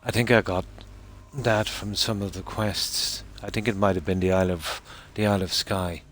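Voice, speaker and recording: A man streaming a video game from home, chatting softly and unhurriedly with viewers about the game and his pets. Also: sits low, a little hiss or hum. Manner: soft-spoken, talks quietly so sleeping dogs stay asleep; relaxed and unhurried, with fillers. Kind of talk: casual gameplay commentary. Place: home room.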